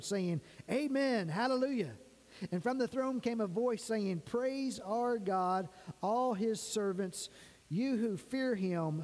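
A man's voice: high-pitched, darkish tone. A man preaching a sermon as pastor, reading scripture and stretching out key words for emphasis. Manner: preaching with emphatic, drawn-out stresses. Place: church sanctuary. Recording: reverberant church hall.

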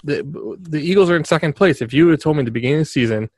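A man's voice: on the high side, racing, darkish tone, dry recording. A man co-hosting a comedy podcast, talking in an easygoing, offhand way. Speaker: co-host. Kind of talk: casual comedic banter.

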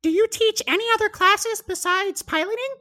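A tabletop player voicing a tiny, polite talking parrot in a very high, squeaky voice. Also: normal speed, pushed and bright.

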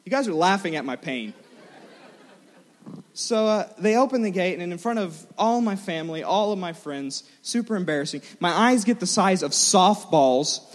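A young man preaching a sermon, telling a self-mocking story in an animated way. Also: sits high, moderate pace, a faint crowd. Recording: large hall with long reverb.

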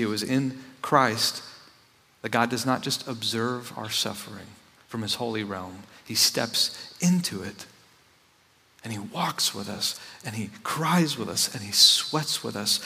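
A man preaching a sermon. He swings between loud, emphatic passages and soft, low ones. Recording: long hall reverb.

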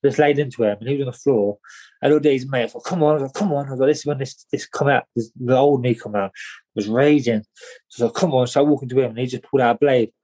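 A young man from tells his story as an interview guest. He talks in a loose, slangy way, restarting his sentences and repeating words as he goes. His voice sits at an ordinary, middle pitch. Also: fairly even intonation, quick pace, mellow, rough recording. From England. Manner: rambling, repeats words, slangy, calls listener mate. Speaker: guest, boxer.

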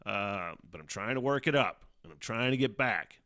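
A man's voice: on the low side, animated, moderate pace, sharp tone. A middle-aged man hosting a podcast, rambling casually, swearing a lot and laughing often. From Northern Michigan. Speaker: podcast host. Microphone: studio microphone.

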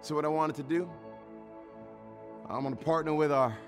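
A man's voice: on the high side, fairly even intonation, moderate pace, faint music behind. A male pastor preaching a sermon. He tells a personal story, acts out his own past lines and builds to emphatic, repetitive preaching.

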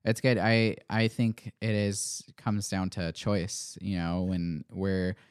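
Low-voiced male podcast host, thinking aloud. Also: little pitch movement, takes it slowly, smooth, no echo, clean studio sound. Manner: thoughtful, rambling, many fillers and restarts. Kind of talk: casual chat.

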